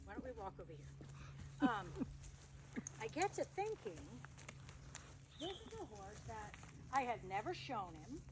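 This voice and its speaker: A woman's voice: on the high side, sing-song, unhurried, pauses often, background noise. A woman horse trainer telling a story in a chatty way while working a horse outdoors, breaking off now and then to praise the horse. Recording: outdoor ambience with horse noises.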